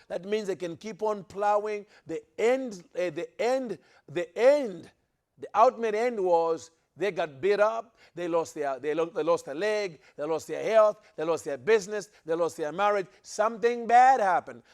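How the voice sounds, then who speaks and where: A man with a notably high voice delivers a sermon-style teaching to his listeners. He hammers points home by repeating phrases, and he often breaks off and restarts his sentences mid-thought. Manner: emphatic, repeats phrases for stress. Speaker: preacher.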